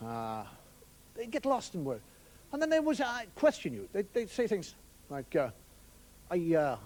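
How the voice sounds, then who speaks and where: A man telling stand-up comedy, wry storytelling that slips into quick put-on voices for the people he quotes. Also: high voice. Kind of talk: stand-up monologue. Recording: TV studio with audience laughter and noise. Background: audience laughing.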